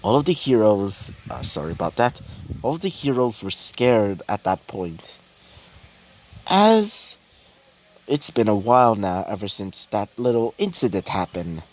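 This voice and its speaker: A man improvising a fan-fiction story, halting often and circling back with fillers and restarts. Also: on the low side, sing-song.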